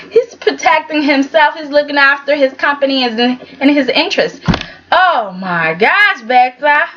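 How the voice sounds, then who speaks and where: A woman's voice: sits high, fairly bright tone, highs cut off, slight background noise. A woman giving a chatty, sassy recap of a soap opera and acting out the characters' lines. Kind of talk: casual recap commentary.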